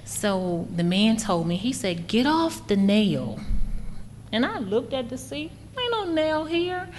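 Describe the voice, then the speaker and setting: A woman's voice: on the high side, animated, a little slow, darkish tone, big-room sound, slight background noise. A middle-aged woman, telling her recovery story as a candid, emotional personal testimony. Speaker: speaker sharing recovery story.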